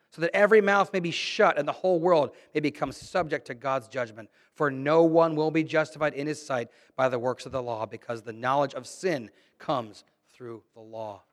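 A middle-aged pastor preaches a sermon in a church sanctuary, his slightly high voice carrying a big-room sound. He reads scripture and speaks emphatically yet conversationally.

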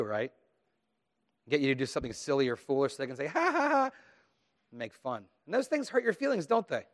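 A pastor giving a children's message and then a sermon, asking his listeners questions and acting out the taunts of children. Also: mid-range voice. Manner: asks listeners questions, animated quoted taunts.

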